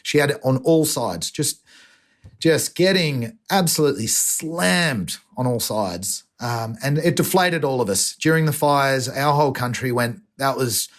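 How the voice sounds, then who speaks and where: Earnest Australian man, halting and emotional. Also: medium pitch, lively intonation. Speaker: environmental activist guest. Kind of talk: podcast interview.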